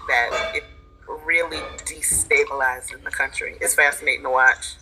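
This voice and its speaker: A woman co-hosting a comedy podcast, talking with dry, deadpan sarcasm in casual chat. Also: extremely low pitch, normal speed, slight background noise, poor audio. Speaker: podcast co-host.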